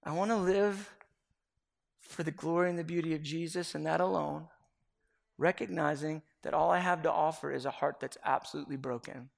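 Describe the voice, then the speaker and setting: A middle-aged man preaching a confessional sermon as pastor, earnest and swinging between loud and hushed. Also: on the high side, fairly even intonation, normal speed, gravelly. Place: church sanctuary. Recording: echoey hall with long reverb.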